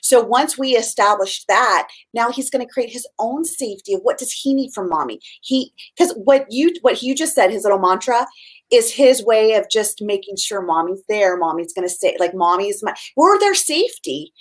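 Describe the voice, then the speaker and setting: Animated, higher-voiced woman parenting coach. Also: moderate pace. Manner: animated, acts out quoted dialogue in shifting voices. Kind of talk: casual chat.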